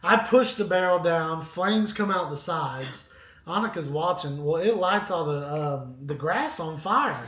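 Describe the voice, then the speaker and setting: Man, high voice, casual live-stream storytelling, rambling and animated, echoey room. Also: measured pace. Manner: animated, rambling anecdote with asides to viewers.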